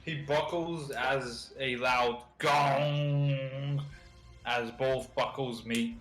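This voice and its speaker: A man running a tabletop game as dungeon master, narrating actions and prompting players in a relaxed way. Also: mid-range voice, drawn-out words, soft background music. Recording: echoey room.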